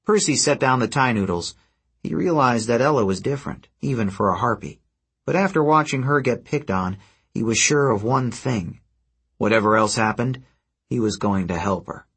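Guy reading a story aloud, kinda husky, steady and even. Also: mid-range voice, normal speed. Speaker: audiobook narrator. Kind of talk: scripted narration.

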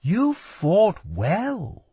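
A man voicing a slow, shadowy possessing spirit. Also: high voice, huge pitch swings, warm tone, husky, no room sound, pitched above the performer's own voice, heavily acted. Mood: menacing. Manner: slow, cold, menacing. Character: shadowy male magic being, possessive villain.

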